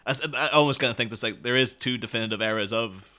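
A man's voice: medium pitch, quick pace, pushed and bright. A man co-hosting a casual podcast chat, rambling informally with lots of fillers. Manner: rambling, informal, laughs easily. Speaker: podcast co-host.

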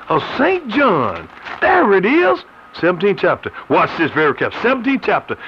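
A man preaching a radio sermon, laughing often as he reads and explains scripture. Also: a little high. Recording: slightly muffled radio broadcast with faint noise.

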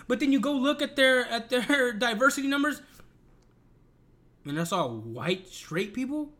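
A man's voice: extremely high pitch, lively intonation, unhurried, fairly bright tone. A man in a casual, profane rant, talking in an exasperated and emphatic way. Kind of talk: casual ranting commentary.

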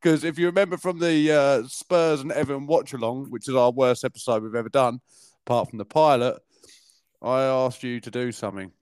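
A man's voice: medium pitch, fairly even intonation, a little fast, darkish tone, smooth, dry recording, studio quality. A young man from Kent with a southern English accent, co-hosting a podcast in casual banter, swearing and laughing a lot. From Kent, England. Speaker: podcast co-host.

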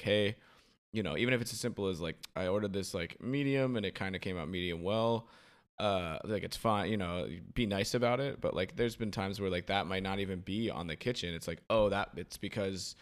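A man co-hosting a casual podcast, talking through his thoughts with restarts and fillers. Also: low-pitched. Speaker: podcast co-host.

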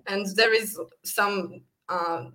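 A woman's voice: medium pitch, fairly even intonation, slow pace, sharp tone. A woman chatting casually, hesitant and full of fillers. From Russia. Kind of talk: casual chat.

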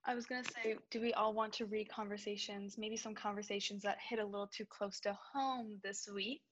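A woman's voice: mid-range voice, steady tone, brisk, a bit bright. A young adult woman co-hosting a podcast, chatting casually and acting out text messages in different voices. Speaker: podcast co-host. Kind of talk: casual chat.

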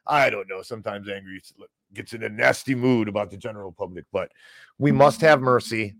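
A man's voice: fairly low pitch, brisk, vocal fry, a bit bright, no echo. A man hosting a podcast, talking in a sarcastic, rambling way. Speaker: podcast host. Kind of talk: casual commentary.

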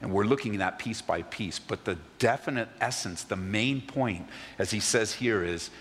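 A man preaching a sermon as pastor, telling stories with animated acted asides, in a church sanctuary. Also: fairly low pitch, normal speed, slight background noise. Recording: long hall reverb.

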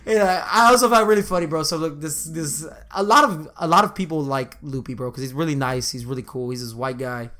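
A man's voice: a little high, quick pace, hardly any pauses, bright, forceful tone. A man in his twenties co-hosting a podcast, telling a funny story in casual chat, laughing often and swearing freely. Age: 20s. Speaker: podcast co-host.

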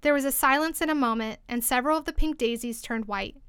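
Bright, crisp woman reading a storybook. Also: high-pitched, fast talker, no echo, studio quality. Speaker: storybook reader. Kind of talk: expressive storybook narration.

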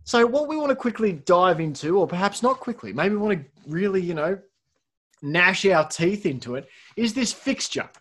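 A man's voice: high voice, lively intonation, moderate pace, a bit bright. A man hosting a casual sports podcast, reading out scores with wry asides. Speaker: podcast host.

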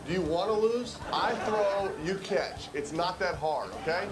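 An actor playing a brash grown man in a comedy sketch, barking loud orders at kids. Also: high-pitched, a little slow, reverberant, heavy background noise. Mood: scolding. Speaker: comedic football player in a sketch. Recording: comedy sketch with loud music and crowd behind.

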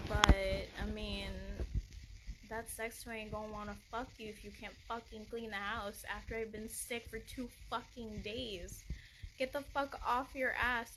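A woman's voice: on the high side, a bit bright, a little hiss or hum, poor audio. A young woman ranting bluntly and with lots of swearing in a casual talk show monologue. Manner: blunt, profane, exasperated. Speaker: podcast host.

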